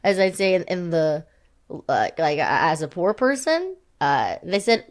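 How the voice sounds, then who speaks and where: A young woman co-hosts a podcast, chatting casually in a rambling, self-deprecating way and laughing often. Her voice is fairly low with big pitch swings, and she speaks at a measured pace.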